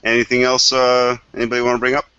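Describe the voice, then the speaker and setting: A man's voice: mid-range voice, completely flat delivery, fast, bright, forceful tone, smooth, no room sound, dull audio. A male host moderating a casual chat, hesitant with many fillers.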